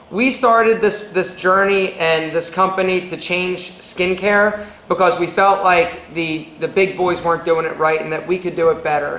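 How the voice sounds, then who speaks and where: Host, male, high and upbeat, echoey room. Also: fairly bright tone, slight background noise. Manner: upbeat, laughs often, playful. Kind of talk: casual group chat. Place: office.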